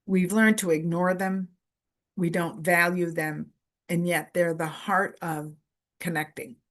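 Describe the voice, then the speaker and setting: Slow, low-voiced woman lecturing. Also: steady tone, fairly bright tone. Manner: slow, deliberate, repeats key phrases in short lists. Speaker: workshop presenter. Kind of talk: conference lecture.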